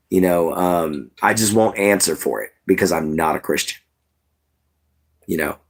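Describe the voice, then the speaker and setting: A man hosting a casual livestream, chatting straight to his viewers in a laid-back way with plenty of "you know"s. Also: sits low. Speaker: livestream host.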